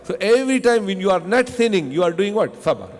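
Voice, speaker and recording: Brisk and high-pitched with big pitch swings, a man teaches a tafseer lesson in a large mosque hall. This Quran teacher uses non-native English sprinkled with Arabic terms, poses questions to the class only to answer them himself, and repeats himself frequently.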